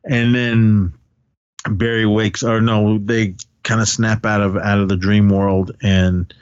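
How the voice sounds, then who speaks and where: A man's voice: lowish voice, little pitch movement, takes it slowly, smooth, no echo, highs cut off. A man co-hosting a podcast, casually retelling movie scenes, often laughing and swearing now and then. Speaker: podcast co-host. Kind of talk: casual movie recap chat.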